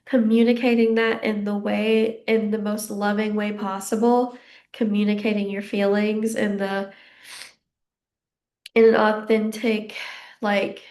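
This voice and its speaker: Slow, gravelly-voiced woman reading tarot. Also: medium pitch. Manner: gentle, reassuring, meandering with fillers. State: slightly out of breath. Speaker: tarot card reader. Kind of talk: casual psychic reading to camera.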